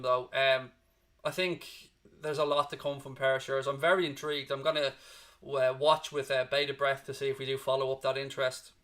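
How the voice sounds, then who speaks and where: A man's voice: fairly high pitch, sharp tone. A male fan channel host on a live post-match stream, reading out chat comments in an emotional, blunt way that wanders onto tangents, and exhausted.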